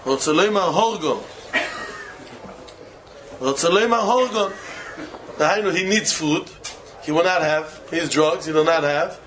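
A man, a rabbi, giving a Torah lecture in English full of Yiddish and Hebrew terms, with non-native phrasing, slowing to chant key phrases and breaking into sudden high exclamations. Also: background noise. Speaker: rabbi teaching students. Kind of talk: Torah lecture to young men.

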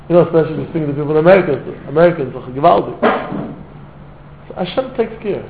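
A man's voice: on the high side, very fast, vocal fry. Male rabbi, sermon, fervent, echoey room, faint background noise. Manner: fervent, sprinkled with Yiddish and Hebrew words, non-native phrasing. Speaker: rabbi giving a Torah talk. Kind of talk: heartfelt Torah sermon with storytelling. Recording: echoey room heard over a tinny phone-like line.

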